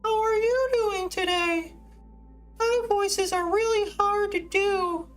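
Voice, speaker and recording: A man putting on a strained, squeaky falsetto voice, talking slowly. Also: steady tone, a bit bright, soft background music, exaggerated voice. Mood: chirpy. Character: squeaky high-pitched cheerful voice.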